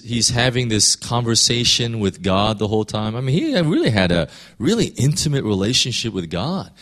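A man's voice: mid-range voice, a bit bright. A man preaching a casual, conversational sermon, full of fillers, restarts and rhetorical questions to the listeners. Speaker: pastor.

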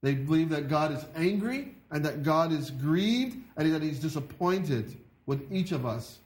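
A man preaching a sermon in an earnest, halting way, often repeating his words. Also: fairly high pitch, animated. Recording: echoey room.

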